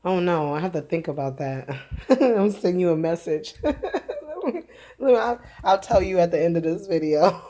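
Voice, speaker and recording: A woman talks to her channel's viewers in a loose, rambling testimony. She laughs often and fills her pauses with ums. Her voice sits slightly low for a woman. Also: expressive, dark tone. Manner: rambling, earnest, laughs often, many fillers. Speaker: religious video host. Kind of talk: casual spoken testimony to camera.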